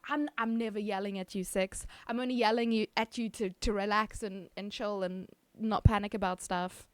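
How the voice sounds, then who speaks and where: A woman's voice: mid-range voice, fairly even intonation, moderate pace, few pauses, no echo. A woman streaming live, chatting casually, reading chat aloud and laughing often.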